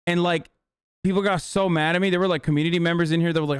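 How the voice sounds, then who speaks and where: A man's voice: a little high, steady tone, rapid-fire, clear, resonant tone, no echo. A man in his thirties streaming live reaction commentary, mocking and profane, joking loosely as he talks.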